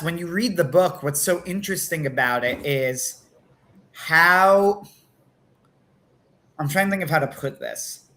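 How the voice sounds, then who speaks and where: A man co-hosting a casual livestream talk, animated, acting out quotes between many fillers. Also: a little high. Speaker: podcast co-host.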